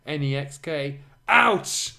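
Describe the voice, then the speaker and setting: A man's voice: a little high, fairly even intonation, unhurried. Dry, mocking man reading a fan story. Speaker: reader and commentator. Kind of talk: sarcastic fanfic reading.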